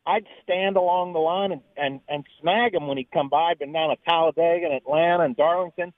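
A man's voice: fairly high pitch, a little fast, no room sound. A man from Pittsburgh calling a radio show and telling a chatty story. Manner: chatty, storytelling, laughs along. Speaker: caller. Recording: phone line.

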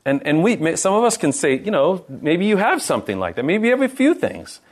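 A man preaching a sermon, earnest and animated, asking rhetorical questions and restarting his sentences. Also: a little high, brisk. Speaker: pastor.

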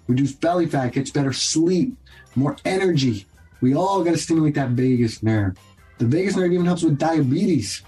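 Guy doctor hosting a health talk show, kinda husky voice, earnest, keeps repeating himself. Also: fairly high pitch, warm tone. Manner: earnest, repetitive coaching tone with quick bursts. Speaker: radio show host and doctor.

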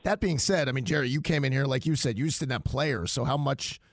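A man hosting a talk radio show, reading an ad and asking questions in an upbeat, quick manner. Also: medium pitch, no echo, clean studio sound. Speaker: radio host. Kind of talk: casual talk radio, host-read ad.

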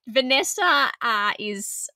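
A woman's voice: on the high side, pushed and bright, no echo. Female host, rambling and self-mocking, casual chat, dry recording. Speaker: podcast host.

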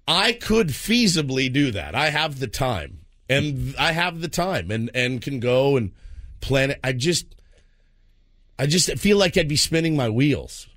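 Brief: thirties male co-host, chatty and exasperated, mid-pitched everyday voice. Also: fairly bright tone. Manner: self-deprecating, exasperated rambling. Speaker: radio show co-host. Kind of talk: casual morning show chat.

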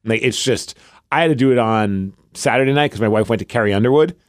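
A man's voice: medium pitch, fast, dry recording, studio quality. A man in his thirties co-hosting a podcast, telling rambling stories with lots of fillers in a casual chat. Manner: rambling, animated storytelling with many fillers. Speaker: podcast co-host.

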